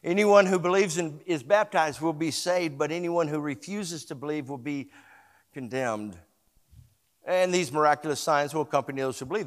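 A male pastor preaching a sermon and telling a story, moving between hushed retelling and loud, emphatic exhortation, and calling on the congregation to repeat words after him. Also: fairly high pitch, long reverb tail.

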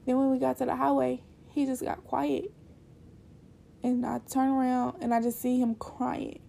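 A woman's voice: high voice, flat delivery, moderate pace, creaky, warm tone, slight background noise. A young woman telling a personal story in a candid, rambling way, full of fillers.

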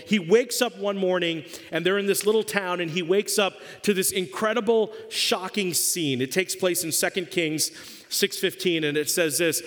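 A man's voice: high-pitched, a bit bright, long reverb tail. A man preaching a sermon as pastor, conversational and jokey.

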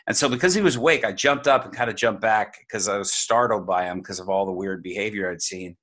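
Man, lowish voice, conversational storytelling, rambling, lots of fillers. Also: fast, a bit bright. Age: adult. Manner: rambling, many fillers and restarts. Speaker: guest sharing a personal faith story.

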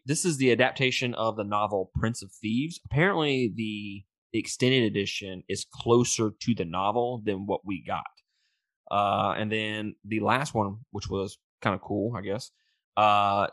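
A low-pitched man co-hosting a laid-back movie podcast, running through his trivia notes with plenty of "uh"s and restarts. His voice sits close and dry on the mic, with no room sound around it. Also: a bit bright, no echo. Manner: reads trivia notes with filler and restarts, laughs easily. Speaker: podcast co-host. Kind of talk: casual movie podcast chat.

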